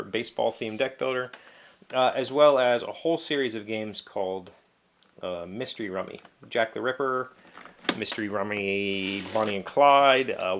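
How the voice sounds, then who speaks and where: A man's voice: mid-range voice, fairly bright tone, slight background noise. A man hosting his daily show, chatting casually while he works, rambling with plenty of fillers and restarts. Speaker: host of a daily video show. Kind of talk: casual chat while working.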